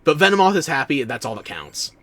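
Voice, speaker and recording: A man's voice: a little high, sing-song, fast, sharp tone. Drowsy sarcastic man streaming a game. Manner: sleepy, sarcastic asides to the game. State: tired and yawning. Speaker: streamer playing a video game. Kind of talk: casual let's-play commentary.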